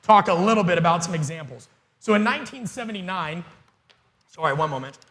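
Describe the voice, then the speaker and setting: A man giving an energetic, blunt and profane seminar talk to coaches as a keynote speaker. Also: sits high, brisk. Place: conference hall. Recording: long hall reverb.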